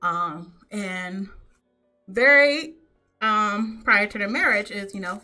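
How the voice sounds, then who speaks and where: A woman narrating a tabletop role-playing game as game master, animated and often laughing. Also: medium pitch, takes it slowly, soft background music.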